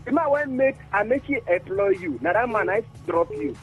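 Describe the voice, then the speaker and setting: A man's voice: high voice, expressive, moderate pace, phone-quality sound, faint music behind. A man with a Nigerian accent calling in to a radio show, rambling in Pidgin. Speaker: caller. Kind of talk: call-in radio talk.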